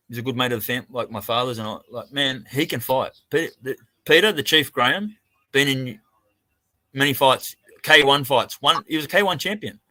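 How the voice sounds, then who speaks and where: A man's voice: mid-range voice, sharp tone, dry recording. An Australian man swearing freely as he tells a rambling story in a casual live-stream chat over a video call. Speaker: co-host.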